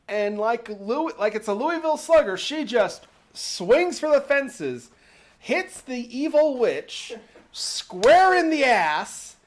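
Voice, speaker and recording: A man hosting a livestream, retelling a folk tale casually with sarcastic, mocking asides and casual swearing. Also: very high voice. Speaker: host.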